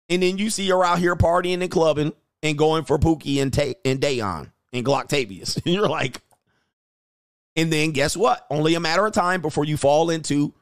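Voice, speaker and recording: Profane, animated man giving dating commentary. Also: fairly high pitch, normal speed, no room sound, clean studio sound. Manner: animated, profane, acts out quoted voices. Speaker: reaction channel host and dating coach. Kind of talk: casual reaction commentary.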